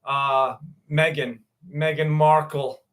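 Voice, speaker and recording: A male livestream host with a fairly high, bright and forceful voice. He rambles, jokes and laughs at himself in loose chat, then reads viewer stories aloud. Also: steady tone, takes it slowly.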